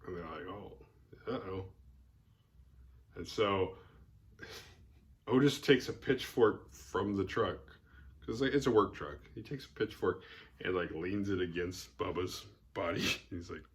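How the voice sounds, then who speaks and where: A man's voice: low-pitched, a little slow. A man hosting a podcast who gives a casual, rambling movie recap, often chuckling and acting out quotes. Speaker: podcast host.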